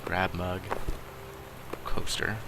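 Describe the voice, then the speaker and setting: A man streaming a game, musing aloud in casual commentary with wry asides and quiet mutters. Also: sits low, level tone, extremely slow, background noise.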